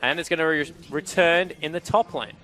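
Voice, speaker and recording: A man's voice: on the high side, moderate pace, sharp tone, slight background noise. A man giving analytical color commentary on an esports match, with dry teasing banter toward his co-caster.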